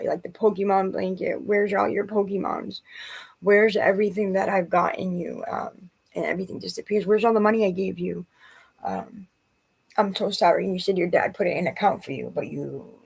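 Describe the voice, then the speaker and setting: A woman's voice: fairly low pitch, vocal fry, breathy edge, low-quality recording. A woman who is a mother, rambling and agitated as she tells a personal story in a vlog. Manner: rambling and agitated, quoting others.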